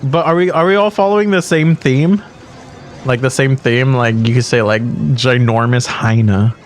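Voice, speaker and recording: A man's voice: medium pitch, normal speed. A man with a mid-range voice drops easygoing, chuckling asides into a casual podcast conversation. A faint hiss sits beneath his voice. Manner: laid-back, chuckling asides.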